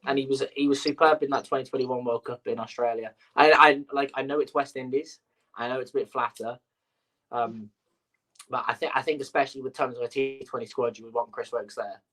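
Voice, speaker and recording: A man's voice: medium pitch, steady tone, fairly quick, a bit bright, rough recording. A man hosting a sports podcast, thinking aloud with lots of fillers in casual chat. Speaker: podcast host.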